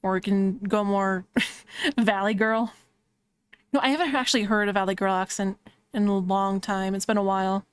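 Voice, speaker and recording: A woman's voice: mid-range voice, fairly even intonation, moderate pace, smooth, no echo. A woman streamer chatting casually while she draws, rambling with lots of "like" fillers. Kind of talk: casual chat while drawing on a live stream.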